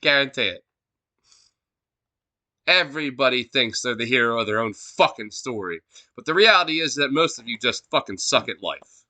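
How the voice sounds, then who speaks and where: A man's voice: medium pitch, expressive, normal speed, long pauses, pushed and bright. A man streaming a video game live, ranting casually and swearing a lot in a scornful tone.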